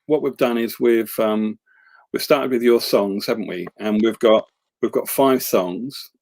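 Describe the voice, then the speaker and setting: A man's voice: on the low side, unhurried, darkish tone. Chatty man with restarts and tag questions. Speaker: host and poet. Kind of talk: casual live-stream chat.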